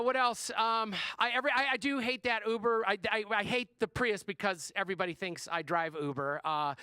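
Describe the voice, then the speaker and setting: A man's voice: sits high, bright, forceful tone, smooth. A middle-aged man performing a stand-up comedy set on stage, talking in a chatty, self-deprecating way full of fillers and restarts. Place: comedy stage before a live audience.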